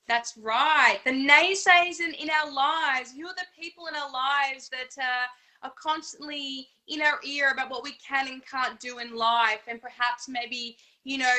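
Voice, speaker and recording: A woman's voice: sits high, sharp tone. A woman joining a live chat as co-host, answering mostly with short agreeable interjections. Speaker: co-host guest. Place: in Melbourne.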